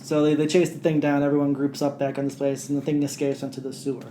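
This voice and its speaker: Woman, podcast host, low voice, chatty, sarcastic movie recap. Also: level tone, quick pace, warm tone, slight background noise.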